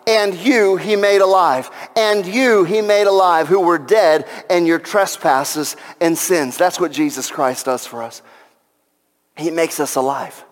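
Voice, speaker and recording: A man's voice: a little high, a little slow, in a large hall. A male pastor preaching an Easter sermon with passion, repeating key lines for emphasis.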